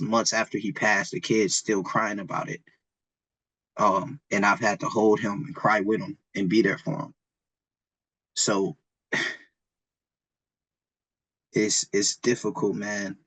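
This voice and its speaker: A man, a wrestling coach, speaking as a podcast guest in an earnest, halting, emotional way about his faith. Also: lowish voice, a bit bright, dry recording, low-quality recording. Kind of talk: podcast interview.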